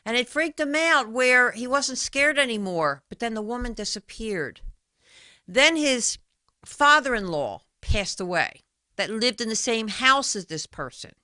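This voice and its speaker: A woman's voice: fairly high pitch, lively intonation, measured pace, sharp tone, no echo. A woman hosting a talk show, chatting and retelling stories of conversations she has had. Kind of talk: solo radio talk show monologue.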